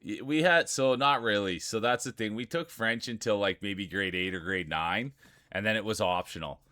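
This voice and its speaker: A man's voice: on the low side, moderate pace, bright, forceful tone, no room sound, clean studio sound. A man streaming live, chatting casually and rambling while greeting viewers by name.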